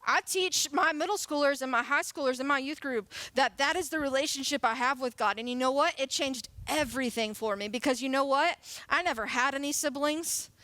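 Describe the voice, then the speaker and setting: A woman's voice: high-pitched, bright, forceful tone, dry recording. A woman in her late twenties giving a casual, playful sermon as a youth pastor. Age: 20s. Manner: casual, chatty and playful, laughing often.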